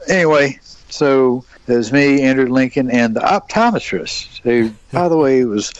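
A man's voice: medium pitch, normal speed, highs cut off. A man, a convention guest telling long rambling stories full of fillers and restarts. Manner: rambling, animated storyteller with many fillers and restarts. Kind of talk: casual storytelling on a podcast.

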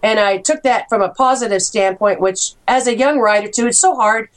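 Middle-aged American woman author, animated storyteller with a fairly high voice, casual chat. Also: moderate pace. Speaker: author guest.

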